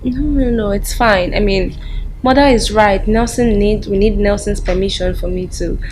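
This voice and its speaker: A woman's voice: mid-range voice, moderate pace, slight background noise, close to an everyday voice, low-quality recording. A woman playing an eager, agreeable young guest. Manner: loud, hasty, agreeable.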